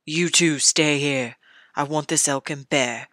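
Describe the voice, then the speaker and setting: A narrator putting on a gruff, blustering old king. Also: medium pitch, steady tone, measured pace, bright, forceful tone, no room sound, studio quality. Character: gruff burly middle-aged king, careless.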